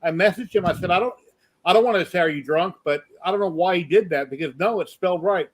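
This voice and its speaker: A man hosting a casual live stream chat, telling rambling stories. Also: high voice. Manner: quick, rambling storyteller. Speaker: show host.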